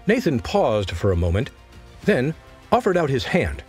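A man narrating an audiobook as scripted narration, in an expressive storytelling manner. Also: medium pitch, normal speed, breathy edge, soft background music.

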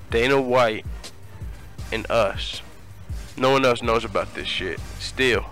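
A man who hosts an online fight channel, telling a crude comedic story with lots of swearing and laughter. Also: medium pitch. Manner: profane, animated, laughing often. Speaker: MMA YouTube host.

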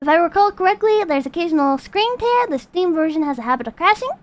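A woman streamer ranting and reading chat in a profane, animated, casual way. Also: extremely high pitch, fast talker.

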